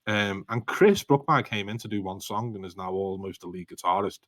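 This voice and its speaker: With a lowish, slightly bright voice and a pace that's a little fast, a Scouse-accented guest author from Liverpool chats on a podcast. He tells rambling, self-deprecating stories and laughs often in this casual interview. The sound is free of echo.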